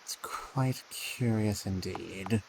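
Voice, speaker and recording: Low-voiced man musing over a game. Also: takes it slowly, gravelly, noisy background. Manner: musing, thinking aloud, dry asides. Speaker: game streamer. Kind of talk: game stream commentary.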